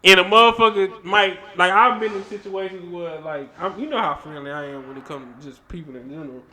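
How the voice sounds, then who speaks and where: Podcast host, man, high bright voice, animated and emphatic. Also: fairly quick. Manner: animated, emphatic, swearing freely. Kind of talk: casual chat.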